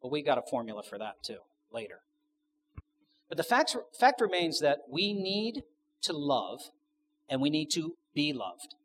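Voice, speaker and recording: A man's voice: fairly high pitch, big pitch swings, unhurried, slight background noise. Man preaching a chatty, joking sermon. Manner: conversational with joking asides; asks the audience questions. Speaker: pastor.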